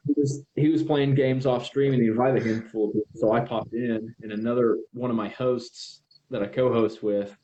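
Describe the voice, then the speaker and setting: Relaxed young man telling stories. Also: medium pitch, moderate pace, few pauses, highs cut off. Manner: animated storyteller, acts out quoted voices. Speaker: podcast guest. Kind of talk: casual chat.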